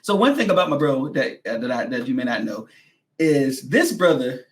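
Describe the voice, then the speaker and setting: A man hosting a talk show, chatting casually with a friend in an animated, teasing way and stretching words out for emphasis. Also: mid-range voice, fairly quick. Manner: teasing, animated, laughs often. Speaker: show host.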